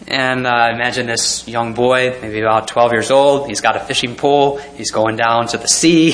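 A man's voice: mid-range voice, steady tone, measured pace, fairly bright tone. A man preaching a sermon, reading scripture aloud and chuckling often as he pictures the scenes. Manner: hesitant fillers and restarts. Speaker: pastor.

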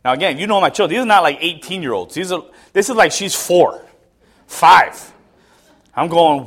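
A middle-aged man preaching a sermon, telling stories with self-mocking laughs, dropping to low mutters and rising to loud, high exclamations. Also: lively intonation, moderate pace. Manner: laughs at himself between lines. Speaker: pastor.

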